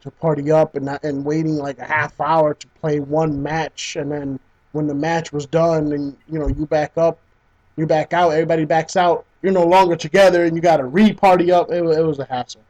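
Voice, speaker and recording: A man co-hosting a casual gaming podcast, telling stories with lots of swearing, restarts and excited outbursts. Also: a little high, a little fast, low-quality recording. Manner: excitable storyteller, swears freely, many restarts. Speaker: podcast co-host. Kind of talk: casual chat.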